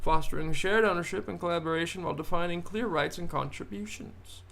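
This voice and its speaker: Man putting on a high, grandiose 1930s transatlantic announcer with an old transatlantic accent, bright and declaiming. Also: a little fast, vocal fry, a little hiss or hum. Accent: put-on old transatlantic.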